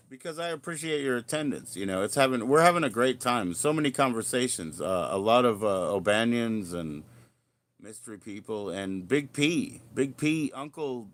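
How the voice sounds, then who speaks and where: A man's voice: mid-range voice, fairly bright tone. A man hosting a livestream, chatting casually in a rambling, jokey and crude way. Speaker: livestream host.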